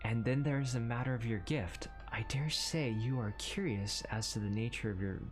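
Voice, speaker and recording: A man voicing an earnest recruiter of adventurers, reading game dialogue in a formal, measured way. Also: medium pitch, over music, close to an everyday voice.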